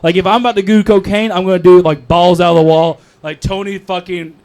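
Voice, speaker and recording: A young man works an open mic crowd with a crude, mocking, rambling set. His voice sits high for a man. He is heard through a handheld stage mic in a comedy club. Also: fairly even intonation, fast talker, a little mellow. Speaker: stand-up comedian.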